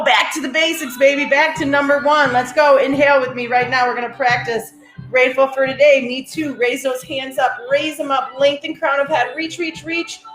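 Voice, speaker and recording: A middle-aged woman leads a live-streamed breathing and affirmation session with an energetic, encouraging drive, calling out viewers by name. Her voice sits in a roomy, echoey space. Faint music plays underneath. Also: on the high side.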